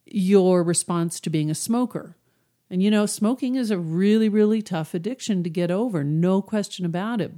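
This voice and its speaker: Mellow-voiced woman explaining calmly. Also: fairly low pitch. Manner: relaxed and conversational, acts out inner voices. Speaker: podcast host, hypnosis coach. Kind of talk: casual teaching monologue.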